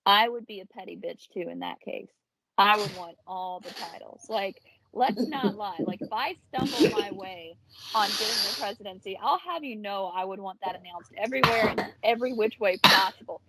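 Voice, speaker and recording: A woman's voice: medium pitch, normal speed, over a noisy crowd, rough recording. A woman co-hosting a podcast, chatting bluntly and jokingly. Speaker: podcast co-host. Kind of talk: casual comedic chat.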